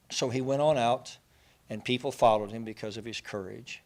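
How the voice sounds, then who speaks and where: A man's voice: medium pitch, fairly even intonation, brisk. A man giving an inspirational faith talk, an earnest storyteller who builds to passionate lists. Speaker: speaker at a faith gathering.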